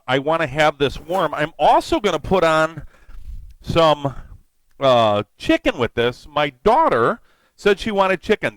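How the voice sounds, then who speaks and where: A middle-aged man hosts a live cooking stream in a lively, bouncing voice that sits a touch high for a man. He rambles casually, fills pauses with ums, and greets viewers as they drop in. The sound is close and dry, with little room around it. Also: dry recording, rough recording.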